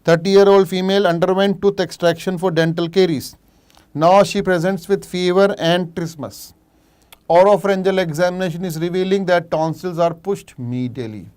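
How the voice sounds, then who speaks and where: A middle-aged man with an Indian English accent, teaching a live online revision lecture for a medical exam. He walks through case questions, reacts to viewers' answers from the chat, and switches into Hindi for quick asides. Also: high voice, darkish tone, smooth. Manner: explains cases while reading out viewers' chat answers.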